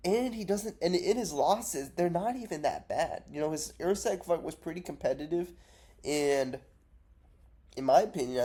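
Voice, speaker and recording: An MMA predictions vlogger rambles through casual, unscripted fight picks in a slightly high, mellow male voice. He's blunt and profane, and sounds sick and drowsy from cough syrup.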